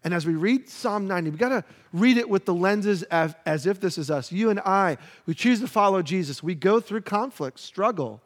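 High-voiced male pastor preaching in a hall. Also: lively intonation, normal speed, hardly any pauses. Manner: earnest, building to fervent pleas when reading scripture. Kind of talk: sermon.

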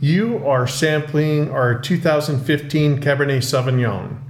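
A middle-aged man chats unhurriedly about his winery in a tasting room, stumbling over fillers and restarting his sentences. The room sounds roomy and a little echoey, with a faint hum in the background. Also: a little high. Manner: halting, many fillers and restarts. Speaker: winery co-owner. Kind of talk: casual interview answers.

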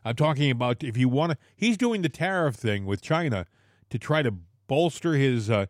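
A man's voice: medium pitch, animated, normal speed, no echo, studio quality. A man co-hosting a political talk show, emphatic and repeating words as he argues.

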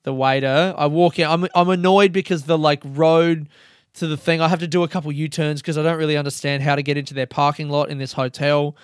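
A man's voice: on the high side, level tone, fairly quick, smooth, no room sound, studio quality. A young Australian man telling a rambling, self-mocking comic story with casual swearing.

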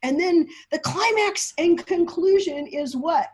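A woman's voice: very high-pitched, unhurried, a little mellow. A woman guest scholar giving an emphatic, lecturing explanation, often laughing and using technical terms. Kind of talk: animated explanatory talk.

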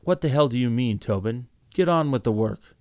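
A man voicing a big, hot-tempered, hungover farmer who shouts and sneers gruffly in a storybook reading. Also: mid-range voice, animated, normal speed, dry recording, clean studio sound, natural voice. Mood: angry.

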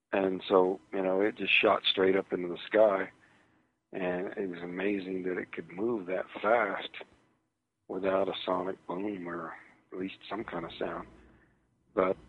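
A man recounting a personal ordeal as an interview guest, in a halting, hesitant way, heard over a tinny phone line on radio. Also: sits low, steady tone, husky.

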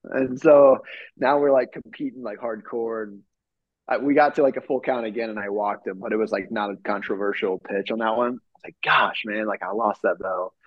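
A man's voice: on the low side, a little fast, dry recording, muffled recording. A young man, a ballplayer guest, telling stories casually with lots of fillers, acting out the lines of the people in them, over a video call from his home studio. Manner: animated storyteller, acts out quoted exchanges, many fillers. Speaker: professional baseball pitcher, guest. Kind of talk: casual interview storytelling.

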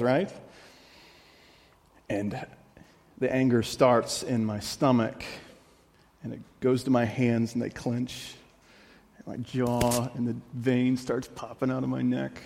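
A man's voice: medium pitch, steady tone, slow pace, long pauses, darkish tone. Earnest male pastor preaching in a reverberant hall. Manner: earnest, confessional preaching with repeated phrases. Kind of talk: sermon.

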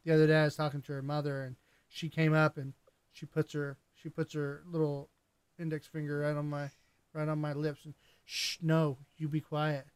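Lively higher-voiced young man storytelling. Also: fairly quick, smooth, dry recording. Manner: animated storyteller, laughs often. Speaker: podcast co-host. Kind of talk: casual podcast chat.

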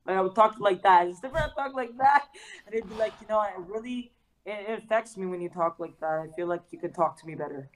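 A woman's voice: mid-range voice, moderate pace. A woman as an interview guest, speaking earnestly and reflectively with lots of "like" and "you know". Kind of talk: casual interview chat.

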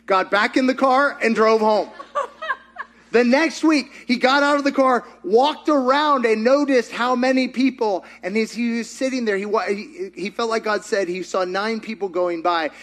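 A man's voice: very high-pitched, moderate pace, a bit bright. A man preaching as a pastor, telling a story and then leading a fervent prayer. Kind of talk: sermon and prayer.

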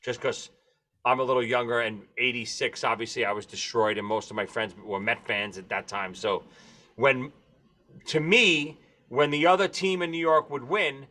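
A man's voice: mid-range voice, moderate pace, sharp tone. A man in casual sports chat, blunt and swearing freely.

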